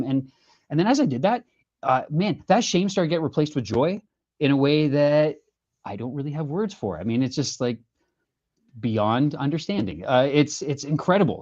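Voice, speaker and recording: A man's voice: mid-range voice, a little mellow, highs cut off. A man, a singer-songwriter guest in a casual interview, telling his story earnestly with lots of fillers and restarts.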